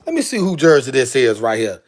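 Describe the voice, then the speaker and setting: A man with a mid-range voice chats casually on a live stream, talking a little fast with huge swings in pitch. He drawls and exclaims to himself as he sorts through jerseys.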